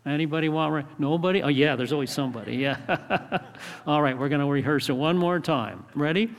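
A fairly high, gravelly man teaching Bible study and leading his group through call-and-response. His voice carries a long, echoing reverb. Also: fairly quick. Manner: leads call-and-response, playful.

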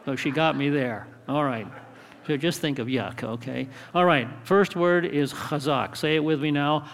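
A man's voice: on the high side, normal speed, in a large hall. A man leading an evening Bible study in a playful, call-and-response way. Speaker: Bible teacher.

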